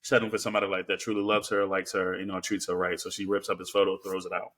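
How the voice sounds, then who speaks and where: A man's voice: low-pitched, flat delivery, fast, a bit bright. A man co-hosting a podcast, recapping a film in a rambling, casual way with lots of fillers. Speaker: podcast co-host. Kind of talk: casual film review chat.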